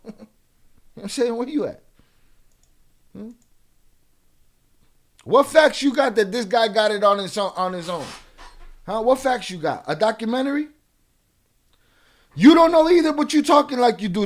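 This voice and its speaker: This combative streamer, whose voice sits fairly high, swears his way through arguments with his chat. He echoes viewers' questions back to them and keeps restarting his sentences while pushing his point.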